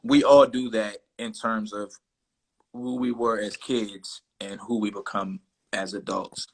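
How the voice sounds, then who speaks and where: A man's voice: on the low side, steady tone, unhurried, breathy edge, rough recording. A man in his thirties, a guest in a casual interview, speaking candidly and thoughtfully about himself. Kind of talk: casual conversation.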